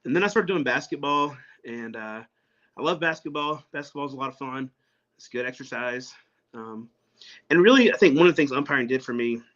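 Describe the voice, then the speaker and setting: A man's voice: medium pitch, a bit bright, lo-fi sound. A man, a guest on an interview show, talking in a casual way with many fillers and restarts. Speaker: guest, pastor and umpire.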